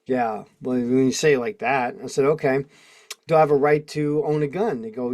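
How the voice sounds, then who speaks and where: A man's voice: mid-range voice, normal speed, a little mellow. A man hosting a casual livestream, preaching with strings of rhetorical questions and answering chat comments, heard through a video call microphone. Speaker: livestream host.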